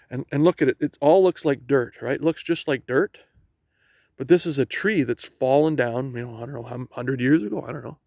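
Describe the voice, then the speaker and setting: A man from Canada talking as he walks outdoors along a marsh trail, musing in a halting way with many restarts. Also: mid-range voice, gravelly, darkish tone, no room sound. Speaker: vlogger. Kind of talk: rambling walk-and-talk vlog.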